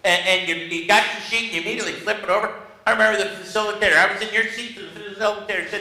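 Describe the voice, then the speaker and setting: Man, negotiation trainer, high-pitched, very bright, humorous storytelling, echoey room. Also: steady tone, racing. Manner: humorous, self-mocking storytelling. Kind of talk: workshop lecture to a class.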